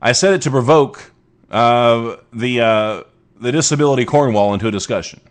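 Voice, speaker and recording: A man's voice: medium pitch, moderate pace. A man hosting his own podcast, riffing sarcastically on odd news stories with rambling asides and restarts. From United States. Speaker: podcast host. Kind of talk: casual comedic news commentary.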